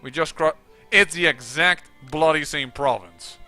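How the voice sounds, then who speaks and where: A man narrates his own strategy game playthrough, musing half to himself and breaking into exasperated grumbles when things go wrong. His voice sits a little high and rings bright. Soft music plays faintly under him. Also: a little slow. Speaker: let's play commentator.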